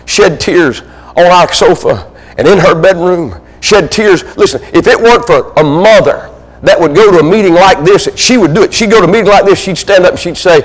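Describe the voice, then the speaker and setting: A man preaching a sermon, swinging between loud pleading and hushed, intimate asides. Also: high voice, lively intonation, brisk, long reverb tail, rough recording. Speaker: pastor. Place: church sanctuary.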